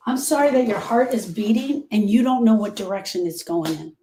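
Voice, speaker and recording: A woman with a warm, mellow voice talks straight to her viewers in a heartfelt live stream. She is earnest and repeats her main points for emphasis, as a grief support host reaching out to people who are hurting. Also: mid-range voice, animated, brisk, a little hiss or hum. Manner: earnest, repeats key phrases, speaks directly to the listener.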